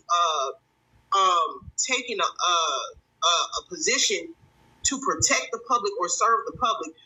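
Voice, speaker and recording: A woman's voice: medium pitch, sharp tone, husky, rough recording. A woman hosting a livestream commentary show, reading chat and reacting with indignation, often restarting her sentences.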